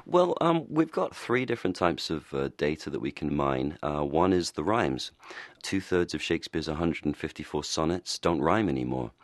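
A man's voice: a bass voice, big pitch swings, normal speed, no echo. A man, an actor and director, talking as a guest in a radio interview, explaining eagerly and laughing easily. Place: broadcast studio. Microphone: studio microphone.

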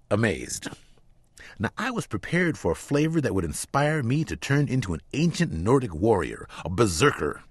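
A man giving a scripted, humorous radio commentary in a wry, deadpan storytelling manner. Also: lowish voice, breathy edge, dry recording. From Chicago.

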